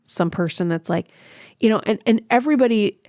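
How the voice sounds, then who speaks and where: A woman's voice: mid-range voice, fairly quick, dry recording, clean studio sound. A woman hosting a podcast, talking casually and giving relationship advice, often acting out what other people say. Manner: chatty, animated, acts out quoted voices. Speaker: podcast host.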